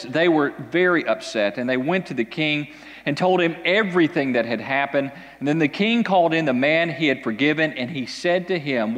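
Animated male preacher in a reverberant hall. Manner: animated, dramatic storytelling with big pitch swings. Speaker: pastor. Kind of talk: sermon. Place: church hall with an audience.

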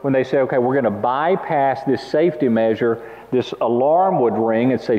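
A man preaching a sermon, telling stories with lively emphasis and asking the congregation to repeat after him. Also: medium pitch, moderate pace. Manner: animated storytelling, laughs, calls for audience response. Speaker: pastor. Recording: muffled sound with long hall reverb.

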